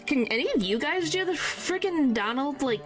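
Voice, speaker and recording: A woman's voice: high-pitched, expressive, normal speed, a bit bright, faint music behind. A woman streaming a video game, chatting casually and playfully, trying out character voices. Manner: playful, tries out voices, mild exclamations.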